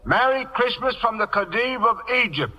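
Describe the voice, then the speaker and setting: A brash wisecracking comic. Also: male voice, high voice, animated, moderate pace, sharp tone, full character voice. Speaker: actor in a radio play. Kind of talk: 1940s radio acting. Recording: muffled old radio broadcast.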